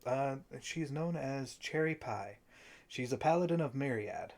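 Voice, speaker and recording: A man's voice: mid-range voice, lively intonation, a little slow, darkish tone, natural voice. A man voicing a polite, inquisitive woman cleric in a tabletop game, speaking formally. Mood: curious.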